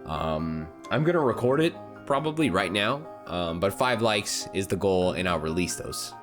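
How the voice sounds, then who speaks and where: Deep-voiced man playing through a game. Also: normal speed, over music. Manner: excitable, swears and laughs a lot. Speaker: gaming channel host. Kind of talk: let's-play, reading a visual novel aloud.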